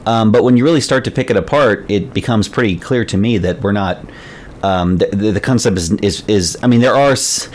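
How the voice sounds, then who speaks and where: A man moderating an academic discussion over a video call, talking in a halting way with many restarts. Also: lowish voice.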